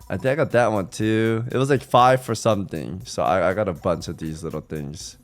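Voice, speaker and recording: A young man from California recounts his trip in a loose, slang-heavy vlog style. He throws in the odd swear and acts out what his friends said. His voice sits in an ordinary middle pitch, with faint music underneath. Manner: animated, slangy, swears, mimics friends in quotes. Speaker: streamer. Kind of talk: casual storytelling vlog.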